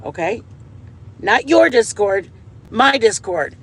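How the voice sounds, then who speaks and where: Man, livestream host, very high gravelly voice, affectionate, playful swearing, earbud mic. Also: lively intonation, slow pace, a bit bright. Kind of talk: casual livestream chat. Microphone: wireless earbuds.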